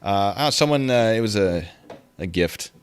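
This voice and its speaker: A young man with a slightly low voice hosts a casual livestream. He rambles loosely from one thought to the next and reads viewer comments aloud as he goes. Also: expressive, a little slow, a little hiss or hum. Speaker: livestream host.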